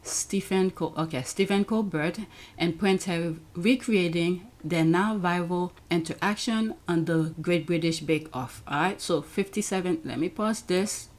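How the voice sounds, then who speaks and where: This woman's fairly low voice keeps a measured pace as she goes through clips for her own channel. As a YouTube commentator, she reacts casually with frequent exclamations.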